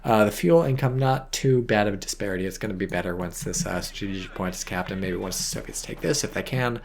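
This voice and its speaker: A tipsy man doing casual, rambling game commentary as a shoutcaster, swearing freely and making self-mocking asides. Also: fairly low pitch, quick pace, vocal fry. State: tipsy from wine.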